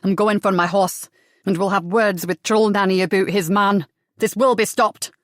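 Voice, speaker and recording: A woman voicing a protective widowed builder, speaking gruffly and firmly in a lowered voice. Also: steady tone, normal speed, a bit bright, no room sound, clean studio sound. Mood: resolute.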